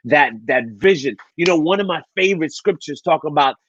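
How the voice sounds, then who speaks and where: A man telling a motivational story at an online event, animated and acting out the dialogue as he goes. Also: fairly high pitch, a little fast, dry recording, lo-fi sound. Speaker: speaker at a men's online event.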